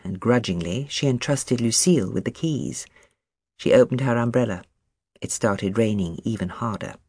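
An audiobook narrator reading a novel chapter in an expressive, varied manner. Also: mid-range voice, husky, no room sound, studio quality.

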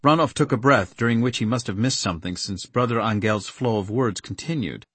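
A man narrating a story in the first person with an earnest, steady storytelling manner. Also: medium pitch, fairly quick, husky, no room sound. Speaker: audiobook narrator.

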